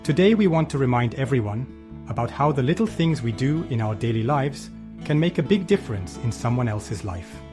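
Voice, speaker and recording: A man's voice: mid-range voice, animated, a little fast, music in the background. A man hosting a podcast, reading an earnest, faith-based thought for the day. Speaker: podcast host. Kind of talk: scripted inspirational reflection.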